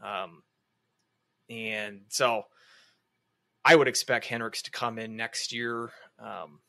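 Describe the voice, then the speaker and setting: A man's voice: fairly low pitch, steady tone, slow pace, creaky, bright, forceful tone. A man co-hosting a sports podcast, talking through recruiting in a casual, analytical way with frequent restarts. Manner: analytical, hedging with many restarts. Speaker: podcast co-host.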